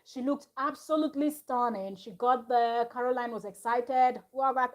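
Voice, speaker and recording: Woman, higher voice, gossipy reality-show recap host, chatty and laughing. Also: steady tone, unhurried. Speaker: reality TV reviewer. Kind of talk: casual recap chat.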